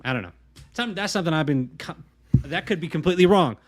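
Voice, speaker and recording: A man's voice: a little high, expressive, fast talker. A man in his twenties, a guest in a casual chat, joking a lot, calling people dude and trailing off mid-thought. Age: 20s. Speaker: podcast guest.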